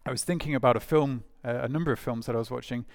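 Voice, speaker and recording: A man's voice: mid-range voice, very fast, darkish tone. Man preaching an informal sermon. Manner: informal storytelling, addresses children; conversational, many fillers and restarts. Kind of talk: sermon to a church congregation.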